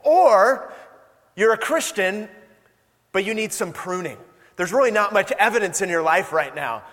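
A man's voice: high-pitched, animated, a little slow, a bit bright, in a large hall. A young adult man preaching a sermon in a conversational way, acting out quoted exchanges. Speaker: pastor.

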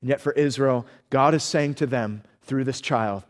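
A man preaching a sermon with earnest, animated storytelling. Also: medium pitch, normal speed, in a large hall. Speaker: pastor.

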